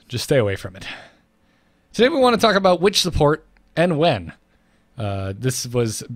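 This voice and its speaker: A man co-hosting a casual gaming podcast, his pitch sitting right in the middle of the range. He laughs easily and reads listener mail in a loose, friendly way. The sound is close and dry. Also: no room sound. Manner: chuckles often, reads listener mail aloud. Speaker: podcast co-host.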